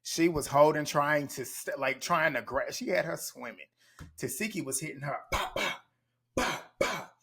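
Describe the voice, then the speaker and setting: A man's voice: fairly high pitch, normal speed, creaky, fairly bright tone, slightly rough. A man giving blunt, profane play-by-play commentary as he recaps a reality TV show. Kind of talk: casual reaction commentary.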